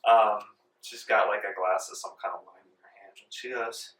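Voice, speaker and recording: Relaxed, meandering male game master; bright tone, distant mic in a roomy space. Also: fairly low pitch, normal speed. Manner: relaxed with many fillers. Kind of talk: narrating a tabletop game. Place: library room. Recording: echoey room from far off.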